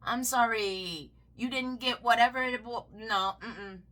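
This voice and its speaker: A woman's voice: on the high side, a little slow, bright, forceful tone. A Southern woman giving heated, profane political commentary, swinging into mocking shrieks. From American South.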